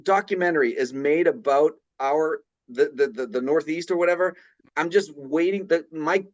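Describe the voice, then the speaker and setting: A man's voice: on the high side, moderate pace, no room sound. A man with a Boston accent, a podcast guest in casual conversation, who often stops and restarts and repeats words. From New England. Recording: slightly dull, lo-fi audio.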